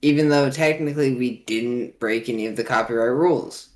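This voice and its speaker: A man's voice: mid-range voice, brisk. Brief: male podcast co-host, chatty explainer, filler-heavy. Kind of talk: casual podcast chat.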